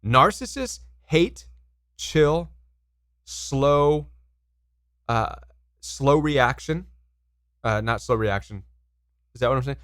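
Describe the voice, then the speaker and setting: A man's voice: mid-range voice, expressive, slow, long pauses, fairly bright tone, no echo, clean studio sound. A man coaching viewers on relationships, talking straight to camera in an emphatic, repetitive way and asking them questions. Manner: emphatic, repeats words, asks viewers questions. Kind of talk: direct-to-camera advice talk.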